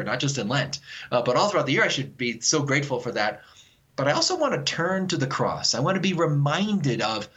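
A man speaking as a guest author on a call-in radio interview, earnest and animated, often repeating words as he thinks aloud. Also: on the high side.

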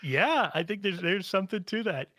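A man who is a regular guest on a radio talk show, telling stories in an animated way and laughing often. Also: high voice, normal speed, dry recording.

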